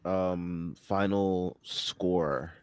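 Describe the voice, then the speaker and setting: Low-voiced brash man talking basketball. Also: very slow, smooth. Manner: excitable, brash predictions. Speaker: podcast co-host. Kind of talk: casual sports chat.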